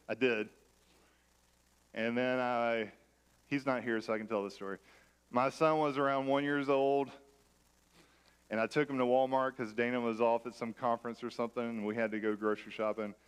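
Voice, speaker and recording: A man's voice: mid-range voice, fairly bright tone, smooth. A man preaching a sermon in a church, conversational and self-deprecating as he mixes personal stories with scripture. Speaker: pastor.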